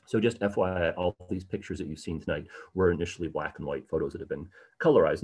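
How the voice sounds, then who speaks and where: A man with a fairly low voice gives a livestreamed art talk. His delivery is casual and chatty, full of ums and asides. He perks up now and then to stress a point. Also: slightly rough. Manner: casual, conversational, animated at times, many fillers. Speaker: tour guide presenting an online program.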